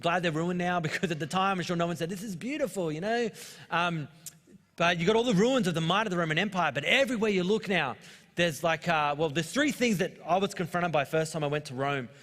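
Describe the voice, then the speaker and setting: Australian pastor preaching in a reverberant hall. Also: male voice, high-pitched, brisk, fairly bright tone. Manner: conversational and joking, telling personal stories. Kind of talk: sermon. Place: church auditorium.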